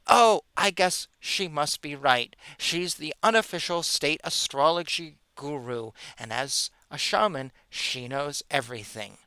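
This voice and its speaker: A man's voice: on the high side, unhurried, few pauses, pushed and bright, clean tone, dry recording. Sarcastic man hosting a solo podcast. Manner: sarcastic, exasperated, mocking. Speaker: podcast host. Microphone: webcam or computer mic.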